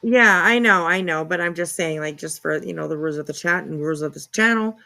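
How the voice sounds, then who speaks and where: Gravelly-voiced woman hosting a livestream. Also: on the low side, a little fast, a crowd in the background. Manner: chatty, apologetic, reacting to chat comments; swears casually. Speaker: livestream host. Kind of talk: casual livestream chat.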